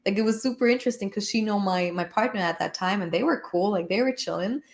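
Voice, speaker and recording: A woman's voice: mid-range voice, fast talker. Woman spiritual teacher, candid personal talk, emphatic and profane. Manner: frank, emphatic, casual swearing.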